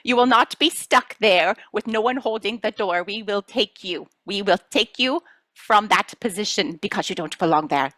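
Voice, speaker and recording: A woman channeling a teasing star-being collective, bright. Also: mid-range voice, moderate pace, no room sound, close to an everyday voice. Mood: reassuring. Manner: addresses listeners as children, gently scolding. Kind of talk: channeling session.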